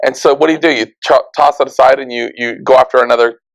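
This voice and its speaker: A man with a mid-range voice and fairly even intonation talks fast on a poor-quality recording. He's hosting a conversational interview, asking questions and reflecting on his own experiences.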